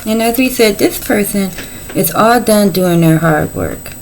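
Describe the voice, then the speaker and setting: A woman's voice: mid-range voice, a little slow, slight background noise, rough recording. A middle-aged woman giving a casual tarot reading, chatty and folksy with playful asides. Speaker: tarot reader.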